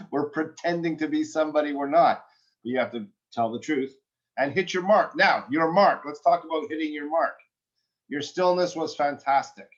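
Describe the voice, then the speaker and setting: A man's voice: fairly high pitch, normal speed, muffled recording. Direct, encouraging male acting coach. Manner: direct and encouraging, full of restarts. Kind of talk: one-on-one acting feedback.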